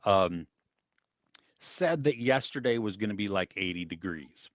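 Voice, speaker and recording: A man's voice: fairly low pitch, a little slow, no echo, clean studio sound. A man co-hosting a live movie chat stream, greeting viewers by name and laughing often. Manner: animated, laughs often, reads chat names.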